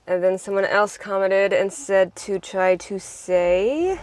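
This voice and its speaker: A young American woman talks with her sibling in a casual farm vlog. Her manner is chatty and playful, and she laughs easily. Her voice sits at a middle pitch. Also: slow, a little mellow, slight background noise. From United States. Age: young adult. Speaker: farm vlogger. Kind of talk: casual chat.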